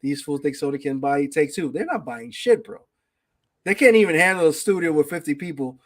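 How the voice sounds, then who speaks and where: A man's voice: on the high side, expressive, brisk. A man hosting a casual gaming podcast, ranting with heavy profanity and reading out chat names. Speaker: podcast host.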